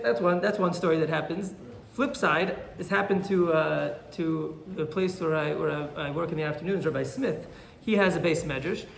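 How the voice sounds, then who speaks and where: A male rabbi teaching a Torah class speaks in a high, gravelly voice, telling stories with lively energy. An animated storyteller, he acts out the quoted characters, in a roomy, echoey recording with a faint hum of ambience underneath.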